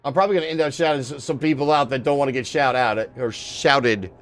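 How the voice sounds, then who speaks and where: A man chatting casually on a live stream, excitable and swearing, shouting out viewers in chat. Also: mid-range voice, fast talker. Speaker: livestreamer.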